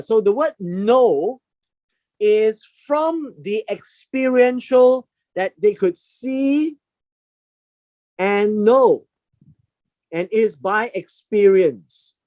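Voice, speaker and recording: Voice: mid-range voice, darkish tone, dry recording. A Bible teacher giving a verse-by-verse lesson, explaining word meanings and repeating key words for emphasis.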